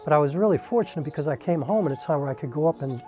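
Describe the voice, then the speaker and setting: A man's voice: a little high, lively intonation, rapid-fire, mellow, faint music behind. A man from the New York area, a singer, telling a personal family story in a conversational way, with frequent "um" and "like". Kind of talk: casual personal storytelling to camera.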